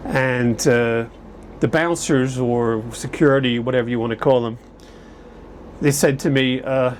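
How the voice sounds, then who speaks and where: A man's voice: medium pitch, fairly even intonation, measured pace, a little hiss or hum. Chatty man rambling through a story. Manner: rambling, chatty, self-correcting. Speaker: vlogger. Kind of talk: casual storytelling to camera. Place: home in summer, indoors. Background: air conditioner humming.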